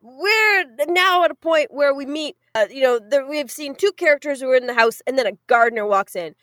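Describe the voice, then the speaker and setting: A high-pitched woman chats casually and recaps a show, slipping into quick voices for each character. The sound is dry and close. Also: no echo. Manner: animated storyteller acting out characters in quick put-on voices. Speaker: podcast host recapping a show. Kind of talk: casual chat.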